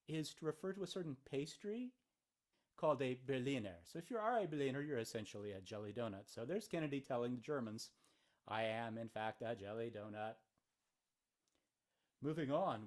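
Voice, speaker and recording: A man's voice: mid-range voice, a little mellow. A male college English professor giving an informal video lecture from a hotel room, in a playful, chatty way with joking asides.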